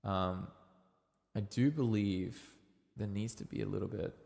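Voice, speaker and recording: A young Australian man chatting casually on a livestream, giving relaxed, rambling singing tips with plenty of ums. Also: on the low side, a little slow, vocal fry. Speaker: livestreaming singer and guitarist. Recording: reverby room with guitar behind. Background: guitar playing.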